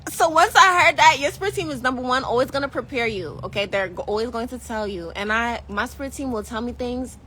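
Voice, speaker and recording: A woman vlogger telling a casual storytime, animated and slangy, laughing often. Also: fairly high pitch, a little fast, hardly any pauses, slight background noise, low-quality recording.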